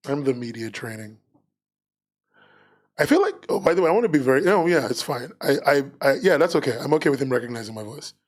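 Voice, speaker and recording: A man chatting casually as a podcast co-host on a livestream, at a middle pitch. He rambles, restarts his sentences and leans on fillers as he thinks aloud. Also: lively intonation, fast.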